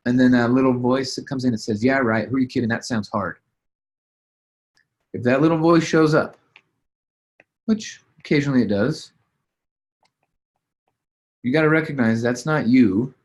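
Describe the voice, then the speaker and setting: A man's voice: mid-range voice, darkish tone, highs cut off. A man giving a casual motivational training talk about business habits, with loose fillers and restarts. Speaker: business coach. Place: at a desk, writing as he talks.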